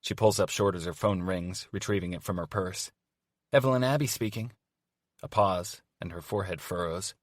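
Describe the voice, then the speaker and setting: Male audiobook reader, very low voice, dry booth, wry first-person storytelling. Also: level tone, normal speed, hardly any pauses, no echo. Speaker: audiobook narrator. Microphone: studio microphone.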